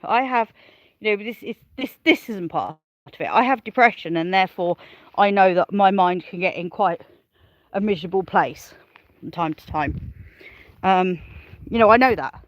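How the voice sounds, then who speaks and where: A woman's voice: mid-range voice, moderate pace, pauses often, dry recording, poor audio. A woman chatting casually on a live stream while showing her farm animals, rambling and cooing at them. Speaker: smallholder vlogger. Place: outdoors on a farm among sheep and goats.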